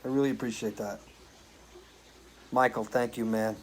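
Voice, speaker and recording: This medium-pitched, steady-toned man speaks at a moderate pace while hosting a live stream as a singer. He answers viewer comments in a loose, chatty way and swears offhandedly, and the rough recording carries a little hiss or hum.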